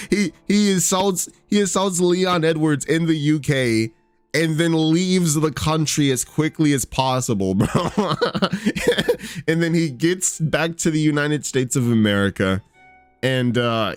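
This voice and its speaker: A man giving rambling, profane casual commentary, full of fillers and restarts. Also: medium pitch. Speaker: podcast host.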